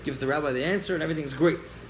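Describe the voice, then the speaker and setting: A man teaching a class, telling a story with lively acted-out dialogue and questions to the listeners. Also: fairly high pitch, rapid-fire, background noise.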